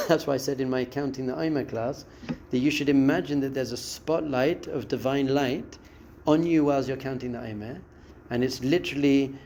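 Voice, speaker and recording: In a mid-range voice with a little hiss or hum in the background, a man teaches a class as a rabbi. He's expressive, performing a listener's inner voices and quotes as part of a spiritual lesson.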